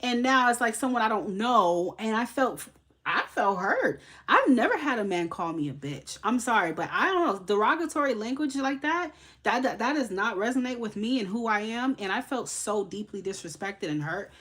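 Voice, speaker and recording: A young woman of Haitian background hosting a tarot live stream, telling a story in a casual, animated way with lots of swearing and laughter. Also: fairly high pitch, moderate pace.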